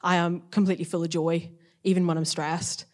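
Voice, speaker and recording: A woman's voice: on the low side, brisk. Chatty young woman telling a story. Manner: chatty, lively storyteller who talks at length. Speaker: guest sharing a testimony. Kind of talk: casual spoken testimony.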